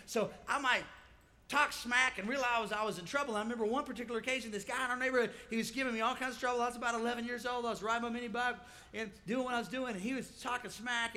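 A man preaching a comic storytelling sermon, animated and calling out to his congregation. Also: very high-pitched. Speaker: pastor.

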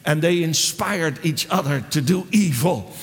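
A man preaching, retelling a story in a lively, repetitive way with frequent restarts. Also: fairly high pitch, a little slow, big-room sound. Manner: animated, repeats himself, restarts often. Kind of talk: sermon storytelling.

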